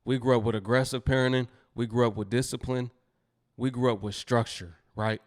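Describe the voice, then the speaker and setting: Man host, measured and firm, introducing clips, dry recording. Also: medium pitch, fairly even intonation, no echo. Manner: measured, firm, asks rhetorical questions. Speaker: compilation host. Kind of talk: commentary and clip introductions.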